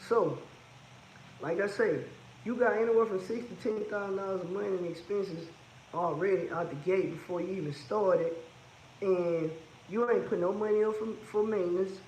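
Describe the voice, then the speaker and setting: A man's voice: high voice, moderate pace, a little mellow, reverberant, a little hiss or hum, low-quality recording. A man who owns a trucking business, talking casually and bluntly about its costs, repeating his points for emphasis. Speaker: trucking business owner giving advice. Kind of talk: casual advice monologue.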